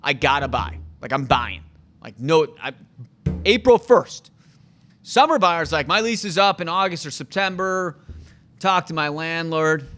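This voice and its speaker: A man's voice: on the high side, expressive, a little slow, pushed and bright. A man hosting a real estate show, talking casually and rambling, acting out quotes of buyers and agents. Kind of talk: casual talk to camera.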